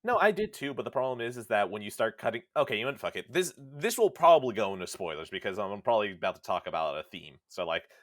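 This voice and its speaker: A young man co-hosting a podcast in casual chat, animated and swearing freely, acting out voices as he tells stories. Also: lowish voice, quick pace, few pauses, dry recording, clean studio sound. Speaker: podcast co-host.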